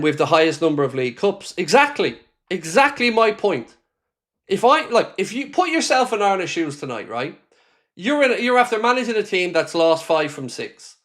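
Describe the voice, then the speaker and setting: An Irishman hosting a live football fan reaction stream, ranting angrily, swearing and reading viewer comments aloud. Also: on the high side. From Ireland. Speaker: fan channel host.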